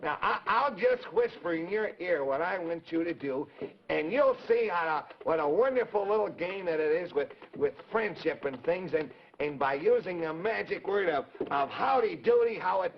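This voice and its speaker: An earnest, friendly boy puppet, played by a man for 1950s live children's TV, pitched a little high and tripping over his words as he repeats them. The sound is muffled and narrow like an early TV broadcast. A faint hiss runs underneath. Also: expressive, moderate pace, creaky. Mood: eager.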